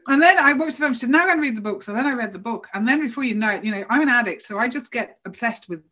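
A woman guest telling a personal story in a casual interview, animated and laughing often as she acts out what people said. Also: fairly high pitch, rapid-fire.

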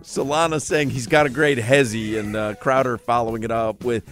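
A man's voice: mid-range voice, expressive, moderate pace, music in the background. A man hosting a sports radio show, joking and teasing his co-hosts in casual banter. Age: adult parent.

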